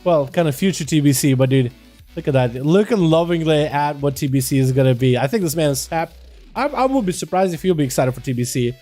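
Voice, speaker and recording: A man's voice: fairly high pitch, lively intonation, warm tone, soft background music. A young man casually calling a match as a live game streamer. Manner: casual, chatty, fast play-by-play.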